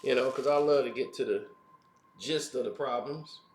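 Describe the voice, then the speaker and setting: A man's voice: mid-range voice, normal speed, reverberant, slight background noise. A man hosting casual opinion commentary, laughing often and making mocking asides. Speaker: commentary channel host.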